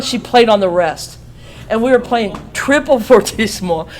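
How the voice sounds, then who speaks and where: A woman's voice: mid-range voice, normal speed, a little hiss or hum, low-quality recording. A woman in her sixties, a radio host, telling a folksy, self-mocking story to a school audience, singing bits and laughing at her own jokes. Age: 60s. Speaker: radio host speaking to students. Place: school auditorium.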